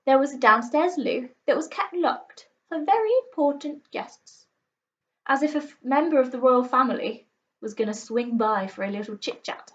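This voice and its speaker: A woman's voice: high voice, moderate pace. Teacher lady reading a kids' book, playful, lo-fi sound. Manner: expressive, playful storytelling. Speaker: primary school teacher. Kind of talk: reading a children's book aloud. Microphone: recorded for an online class video. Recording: slightly muffled lo-fi recording.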